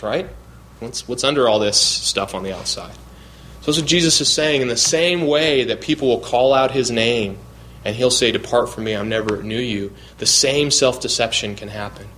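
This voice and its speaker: A man preaching a verse-by-verse sermon. He asks questions and answers them himself, and he slows down to press his key points. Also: mid-range voice, fairly bright tone, a little hiss or hum. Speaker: pastor. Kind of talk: expository sermon.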